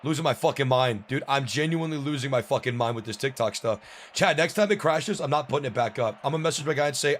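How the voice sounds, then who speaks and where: A man's voice: medium pitch, expressive, very fast, slight background noise. A man livestreaming a game, talking to chat in frustrated rants and swearing freely. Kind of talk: gaming livestream commentary.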